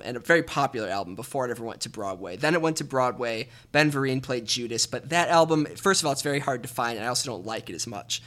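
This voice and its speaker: A man co-hosting a podcast chats enthusiastically about musicals in long, rambling runs. His voice sits at a medium pitch with a sharp tone.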